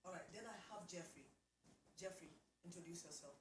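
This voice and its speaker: A woman's voice: on the low side, brisk, background noise. A woman hosting a casual discussion, asking her guests questions. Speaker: host.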